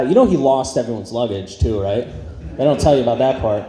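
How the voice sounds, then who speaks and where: A man's voice: medium pitch, animated, a little fast, warm tone. A man doing an awkward, self-deprecating stand-up set on a club stage, full of ums and trailing off. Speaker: stand-up comedian. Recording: roomy club sound with audience noise. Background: audience laughter.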